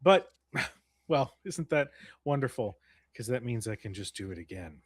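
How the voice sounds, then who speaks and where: A man's voice: medium pitch, expressive, a little slow, breathy edge, no room sound. A man playing a tabletop game who explains the rules and jokes wryly. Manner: explaining rules, wry humor. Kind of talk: casual game table chat.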